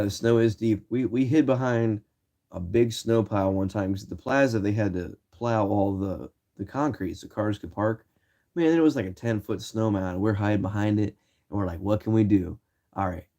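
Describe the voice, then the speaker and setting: A young man from Ohio, a streamer telling loose, profane stories to his viewers in casual chat and acting out shouted lines. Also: lowish voice. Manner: loose, swearing, acts out quoted shouts. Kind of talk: casual storytelling.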